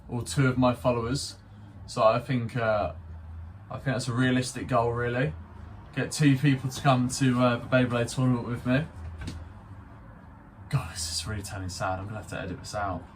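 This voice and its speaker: A man's voice: medium pitch, recorded from a distance, a little hiss or hum. A young man rambling through an unscripted toy review, swearing and poking fun at himself. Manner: rambling, sweary, self-mocking. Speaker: vlogger reviewing a spinning top toy.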